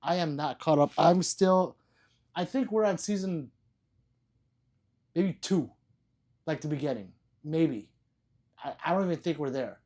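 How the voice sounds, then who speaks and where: Joking livestream host reading chat aloud. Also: male voice, a little high, animated, measured pace, long pauses, darkish tone. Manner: reads viewer chat aloud, joking and laughing; loose and profane.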